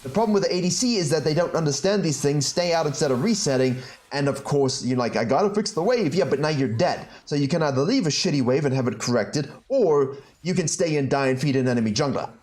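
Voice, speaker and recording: A young man with a South African accent, coaching a video game over gameplay in an animated way, with incredulous outbursts. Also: on the high side, fast talker.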